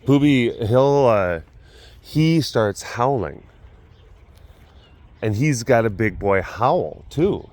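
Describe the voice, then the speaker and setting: A man's voice: mid-range voice, expressive, takes it slowly, pauses often, darkish tone, no room sound. A man hosting his own vlog from an animal facility, telling stories in a rambling, chatty way full of fillers. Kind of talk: casual chat.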